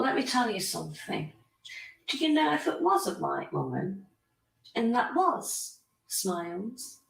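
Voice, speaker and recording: Gravelly woman on a livestream. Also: mid-range voice, far from the mic. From United Kingdom. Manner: opinionated, rambling, talks to chatters by name. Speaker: livestream host. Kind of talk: casual livestream chat reading comments. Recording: echoey room, voice away from mic.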